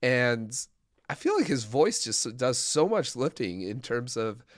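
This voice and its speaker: A man's voice: mid-range voice, big pitch swings, measured pace, no room sound. Chatty man with a dry close sound. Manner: rambling, laughs often, many fillers and restarts. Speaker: co-host. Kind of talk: casual livestream chat about web development.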